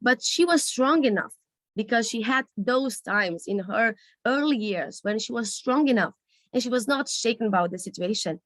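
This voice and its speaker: A woman's voice: on the high side, lively intonation, moderate pace, fairly bright tone, dry recording. Lady telling a folk story, lots of ums, close dry sound. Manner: casual, with many fillers and restarts. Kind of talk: live oral storytelling. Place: festival stage.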